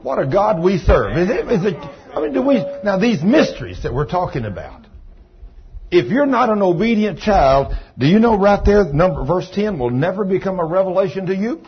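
A man preaching a sermon, telling healing stories in a folksy way that moves from hushed retelling to loud praise. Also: sits high, big pitch swings, normal speed, husky. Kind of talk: sermon storytelling. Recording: dull lo-fi recording with faint noise.

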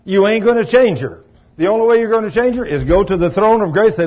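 A man preaching a folksy, storytelling sermon in a colloquial, animated way. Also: high-pitched, quick pace, lo-fi sound. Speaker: pastor.

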